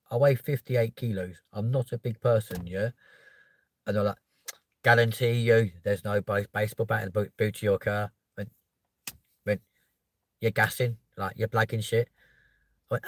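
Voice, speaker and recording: A man's voice: lowish voice, dry recording. Man, London accent, thirties, casual storytelling, swearing, dry close sound. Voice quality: swears freely, tags lines with "right?" and "yeah?". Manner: animated, voice jumps up when quoting himself. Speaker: podcast host.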